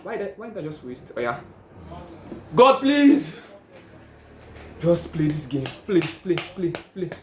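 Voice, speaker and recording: A man talks casually to camera, swings between pleading, counting and swearing, and gets excitable. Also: fairly high pitch, takes it slowly, pauses often, reverberant, slight background noise. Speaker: gambling vlogger. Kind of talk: casual narration and live reactions.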